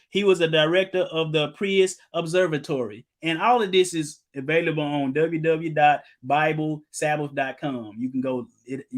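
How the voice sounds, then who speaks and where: A man preaching informally, reading quotations aloud and telling personal stories, with loud emphatic outbursts. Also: fairly high pitch. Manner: casual, storytelling, breaks into loud emphatic outbursts.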